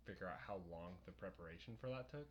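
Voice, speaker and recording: Low-voiced man rambling through a book chat. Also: dull audio, slight background noise. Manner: rambling, profane, quick to laugh. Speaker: podcast co-host. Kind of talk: casual book-discussion chat.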